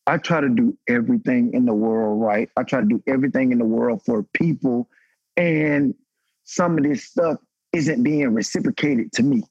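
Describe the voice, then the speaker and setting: On a podcast panel, a man in his thirties who used to play football recounts an emotional story rawly, cursing freely and climbing in pitch when stirred. His voice is a little mellow and slightly rough. The recording is dry, with the highs cut off.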